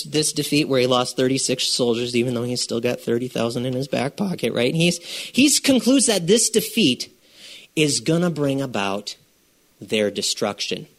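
A man preaching a sermon in a lively, conversational way, asking the congregation questions and repeating phrases for emphasis. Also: sits high.

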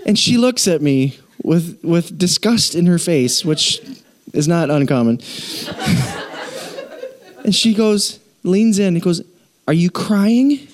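A middle-aged man, the pastor, preaching a sermon in an animated, self-deprecating storytelling way. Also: a little high, slow pace, pauses often, a crowd in the background.

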